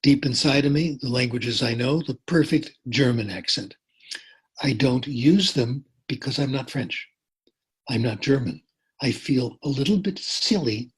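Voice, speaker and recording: Older male lecturer, voice extremely husky, mid pitch, unhurried, emphatic repetition, wry. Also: poor audio. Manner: deliberate, repeats phrases for emphasis, dry humor. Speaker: language education lecturer. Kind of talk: informal lecture.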